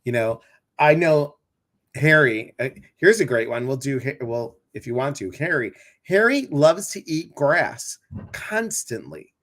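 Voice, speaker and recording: A man's voice: mid-range voice, lively intonation, a little slow, fairly bright tone. A man hosting a casual interview, chatty and rambling, with many fillers and restarts. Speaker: host.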